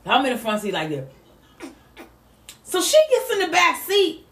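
A high-pitched woman tells a heartfelt family story with big swings in her voice, acting out everyone's lines. Her voice rings in an echoey room. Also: moderate pace. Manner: lively, animated retelling with voiced quotes. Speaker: mother telling her story. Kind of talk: emotional storytelling.

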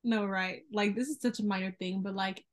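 A young woman from the American South, talking loudly and emphatically in a casual podcast chat. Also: mid-range voice, fairly even intonation. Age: young adult. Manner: fast-talking, loud, emphatic. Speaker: podcast co-host.

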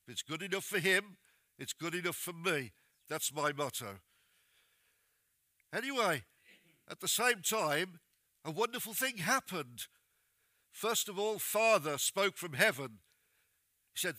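High, bright-voiced male preacher. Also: lively intonation, measured pace, pauses often, dry recording. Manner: plain-spoken, direct exhortation to the congregation. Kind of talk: sermon.

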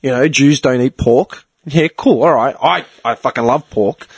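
A man's voice: medium pitch, moderate pace, slightly rough, no echo. A young Australian man chatting casually as a podcast host, swearing freely and laughing often. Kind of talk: casual chat.

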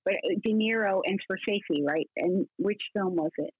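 A woman in her sixties, a guest actress telling rambling, animated stories in a casual interview, full of restarts. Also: medium pitch, normal speed, no echo. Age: 60s. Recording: husky voice over a tinny phone line.

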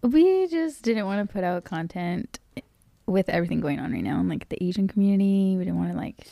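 A young woman co-hosting a casual podcast, relaxed and laughing often, sprinkling in "like". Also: on the low side, fairly quick, vocal fry, dry recording. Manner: laid-back, laughs often, filler "like". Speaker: podcast co-host. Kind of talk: casual chat.

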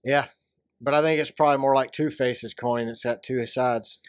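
A man's voice: medium pitch, steady tone, normal speed, clean tone. A man co-hosting a casual sports podcast, joking and rambling about races. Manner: joking, rambling, breaks into silly voices. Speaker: podcast co-host. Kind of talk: casual chat.

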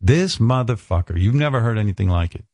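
A man's voice: fairly low pitch, animated, fast, darkish tone, no echo, studio quality. An older man hosting a talk show, bantering crudely and mocking people with impressions. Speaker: radio show host.

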